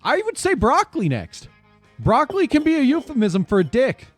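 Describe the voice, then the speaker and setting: A man's voice: extremely high pitch, normal speed, no room sound, soft background music. A man reading out a party game's text to friends on a stream, with playful asides. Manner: animated, reads game text aloud with playful asides. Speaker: game narrator reading choices to friends. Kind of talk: casual group game stream banter.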